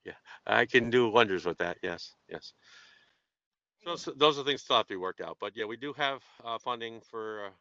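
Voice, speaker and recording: A man in a conference-call meeting who talks haltingly, with many fillers and restarts, and jokes drily. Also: mid-range voice, expressive, bright, forceful tone, dry recording. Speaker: EMS council member. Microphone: remote call. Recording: muffled lo-fi call audio.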